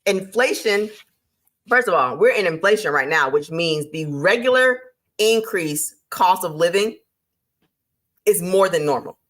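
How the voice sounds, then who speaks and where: Lively low-voiced woman giving business tips. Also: unhurried. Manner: lively and emphatic, with sudden jumps in pitch; teacherly, lays out numbered points. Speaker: host. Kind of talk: motivational business advice talk.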